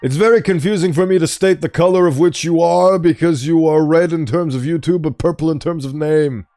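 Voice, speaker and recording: A man's voice: a little high, brisk, dark tone, soft background music. A man streaming a game, chatting playfully with viewers and laughing often. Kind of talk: casual gameplay commentary.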